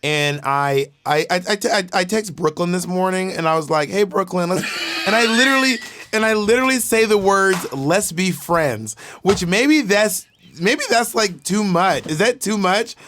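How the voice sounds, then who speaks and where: Brief: male podcast co-host, slightly high voice, campy, animated, stammers. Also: normal speed, slight background noise. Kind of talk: casual chat.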